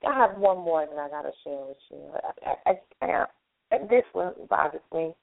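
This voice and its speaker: A woman co-hosts a relaxed talk show, spinning stories about work and playing out her coworkers' lines. Her voice sits a little low. It comes through thin and tinny, like a phone call. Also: moderate pace, gravelly. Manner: storytelling, acts out coworkers' lines. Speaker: co-host. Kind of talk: casual chat.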